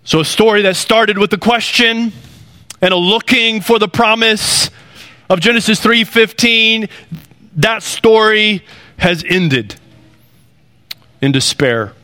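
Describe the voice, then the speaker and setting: A male pastor preaches with earnest, conversational emphasis, letting his phrases climb as he drives a point home. His voice sits a little high and rings bright and clear. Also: slow pace, long pauses. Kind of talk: sermon.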